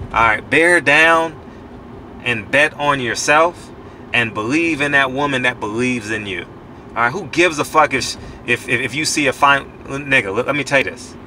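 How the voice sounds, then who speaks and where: With slight noise in the background, a man in his forties speaks in a mid-range, sharp-toned voice. As a channel host handing out motivational life advice to men, he's casual yet preachy, profane and emphatic, saying things again for weight.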